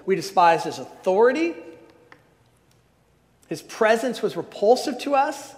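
A man preaching a sermon as a visiting pastor, earnest and emphatic, with occasional wry asides to the congregation. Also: high voice. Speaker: guest preacher. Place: church sanctuary. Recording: long hall reverb.

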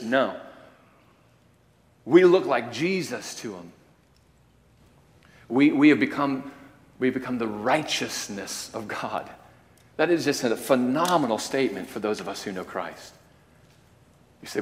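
A male preacher delivering a sermon, swinging from quiet, low statements to loud, emphatic declarations. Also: measured pace, long pauses. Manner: varies loudness, rising to emphatic declarations and dropping low. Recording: long hall reverb.

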